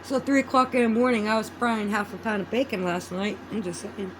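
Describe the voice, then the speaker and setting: A woman's voice: mid-range voice, fairly quick, background noise. A woman vlogging in a casual, rambling chat. She swears freely and loses her train of thought.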